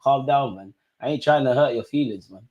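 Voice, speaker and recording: A man's voice: mid-range voice, fairly quick, darkish tone, muffled recording. A young man with a London accent hosting a live football watch-along. He chats and banters with viewers in slang-heavy, playful talk. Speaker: streamer host.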